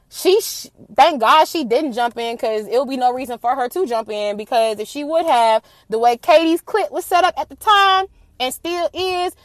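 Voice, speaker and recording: A young adult woman casually telling a story, animated and profane, acting out what people said. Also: sits high, no echo. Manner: animated, profane, acts out quotes.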